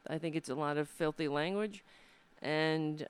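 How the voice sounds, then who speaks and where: A woman's voice: low voice, measured pace, clear, resonant tone. A woman comedian from hosting her own show, talking in a rambling, profane, sardonic way into a desk microphone. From Brooklyn, USA. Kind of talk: casual live-stream monologue.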